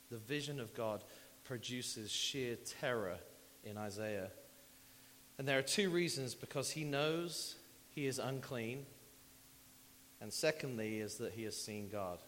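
A man's voice: medium pitch, measured pace. Conversational male preacher in a reverberant hall. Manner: conversational, animated, with asides and repetitions. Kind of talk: sermon. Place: church sanctuary. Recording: faint hiss, long hall reverb.

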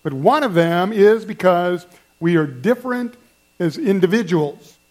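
A man with a fairly high voice delivers a sermon. He is conversational and playful, asking his listeners questions and getting them to join in. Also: expressive, measured pace, a little mellow. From German family background. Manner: conversational, playful, addresses the congregation directly. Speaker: pastor.

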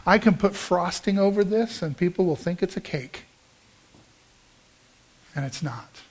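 A man's voice: sits high, animated, a little slow. A middle-aged male pastor preaching a sermon, telling a story in a conversational way with emphatic rises.

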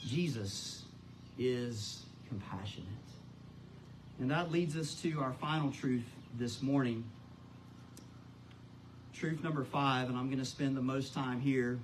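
A man's voice: medium pitch, slight background noise, poor audio. A man preaching a sermon as pastor, building up to big emphatic lines on key words. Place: church.

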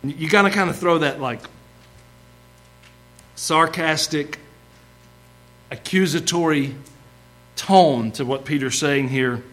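Guy preaching, folksy and animated, kinda high voice, acts stuff out. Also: takes it slowly, long pauses. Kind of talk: sermon.

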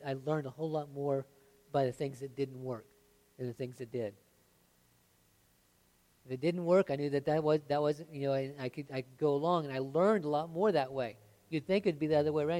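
This man, a pastor, talks through his sermon as if in conversation, dropping in frequent "right?" and "okay?" checks. His slightly high voice alternates between animated emphasis and calm, heartfelt stretches.

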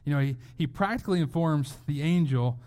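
A man's voice: a little high, brisk. A middle-aged man preaching a sermon in a casual, conversational way, acting out quotes from the people in his story. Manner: conversational, animated, acts out quotes. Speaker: pastor.

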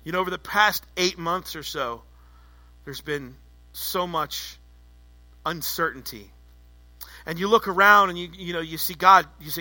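A man's voice: high voice, a little slow, long pauses, bright, forceful tone, no echo. A man preaching a sermon as pastor, emphatic and rhetorical, repeating key phrases.

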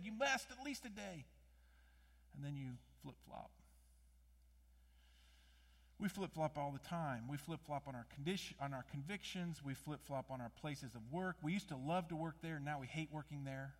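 A man preaches a sermon in a high, lively voice, throwing rhetorical questions at the crowd and rising to loud emphasis before dropping back down. His voice rings out with a long reverb in a church sanctuary. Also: normal speed. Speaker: pastor.

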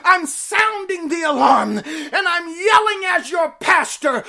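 A woman pastor in her fifties preaching a sermon, shouting fervently and laughing often. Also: extremely high pitch, expressive, takes it slowly. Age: 50s.

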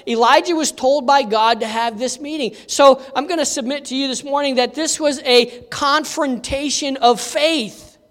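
A middle-aged pastor preaching a sermon in a church, telling a personal story in a relaxed, conversational way with fillers, restarts and rhetorical questions to the congregation. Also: high voice. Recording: long hall reverb.

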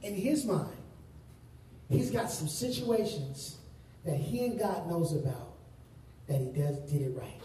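A male pastor preaching a sermon to a congregation, stressing words and stretching out key phrases slowly. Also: a little high, lively intonation, warm tone, a little hiss or hum. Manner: emphatic preaching with slow drawn-out phrases. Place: large room with congregation. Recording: very echoey room, distant mic.

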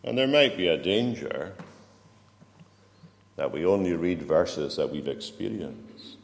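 A man preaching a sermon in a church, slow and reflective, often turning questions to the congregation. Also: deep voice, expressive, creaky. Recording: long reverb of a church hall.

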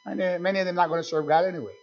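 A man's voice: sits high, fairly even intonation, racing. A man preaching a sermon, emphatic and repetitive, calling out to his congregation with questions. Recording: dull lo-fi recording.

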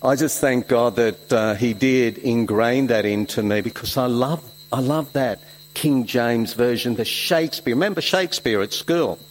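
A man from Switzerland, preaching a sermon with emphatic exclamations and soft asides. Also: mid-range voice, normal speed, a little hiss or hum, low-quality recording. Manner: emphatic, swings between loud exclamations and soft reflective asides.

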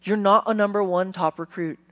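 A man preaching a sermon as a pastor, conversational with casual fillers, swinging from hushed lines to loud emphasis. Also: sits high, steady tone, a little fast.

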